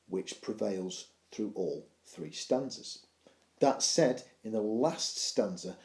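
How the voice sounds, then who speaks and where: A man's voice: fairly low pitch, mellow. Joking male teacher in a roomy space. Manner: playful, self-mocking humour. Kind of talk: video lesson, poetry analysis.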